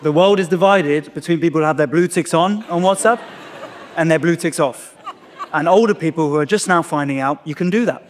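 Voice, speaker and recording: Guy doing animated stand-up, kinda high-pitched, acts out his own inner voice, long hall echo. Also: a little fast, some chatter behind, slight background noise. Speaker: stand-up comedian. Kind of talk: stand-up comedy storytelling. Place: live comedy venue. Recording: long reverb of a performance hall.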